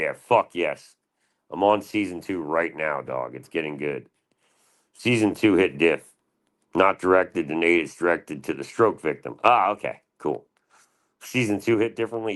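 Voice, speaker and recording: A man in his thirties with an extremely deep, low voice, talking casually to his livestream audience. He rambles from topic to topic and swears often, in a crude, loose way. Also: normal speed, fairly bright tone.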